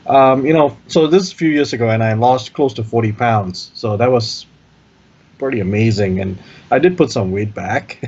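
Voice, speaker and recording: A mid-pitched man co-hosts a casual tech podcast with friendly, joking banter. The recording sounds dull and lo-fi. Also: animated, normal speed, darkish tone, breathy edge. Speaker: co-host.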